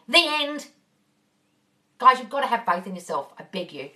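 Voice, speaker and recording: A woman's voice: on the high side, big pitch swings, normal speed, sharp tone. A woman manifesting coach answering viewer questions live on her phone. She swears freely and calls her viewers darling. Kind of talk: live Q&A chat. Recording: slightly distant from mic.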